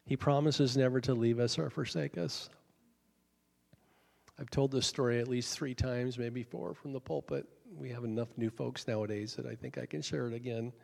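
A man's voice: mid-range voice, steady tone, moderate pace, creaky, darkish tone, in a large hall. A male pastor preaching a sermon, telling a story in a casual, conversational way.

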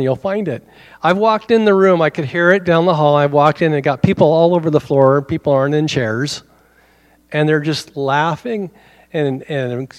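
A man preaching from the pulpit of a church, his voice pitched a little high for a man. He keeps it animated and conversational, tossing asides to the congregation between his points. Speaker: pastor. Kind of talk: sermon.

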